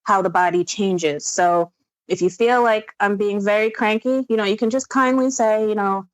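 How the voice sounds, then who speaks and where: A woman's voice: mid-range voice, steady tone, normal speed, no room sound. A woman in her thirties from upstate New York, a podcast guest telling family stories in casual chat, with fillers and easy laughter. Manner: warm storytelling with frequent laughs and fillers.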